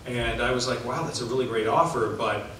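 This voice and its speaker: A man's voice: medium pitch, fairly even intonation, brisk. A middle-aged man, an author, answering panel questions in a casual, rambling way with many filler restarts. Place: large convention hall. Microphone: recorded from the audience. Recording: echoey hall, far off, noisy.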